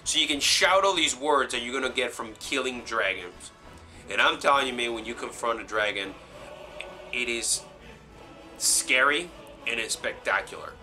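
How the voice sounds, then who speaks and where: A young man giving a rambling, excited review of a video game, acting out his own reactions and saying "man" a lot. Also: medium pitch, normal speed, faint music behind.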